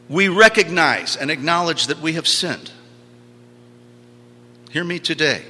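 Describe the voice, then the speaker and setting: A man's voice: fairly high pitch, lively intonation, a little slow, long pauses, pushed and bright, husky. A man preaching a sermon, teaching emphatically and repeating key phrases for stress. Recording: long hall reverb.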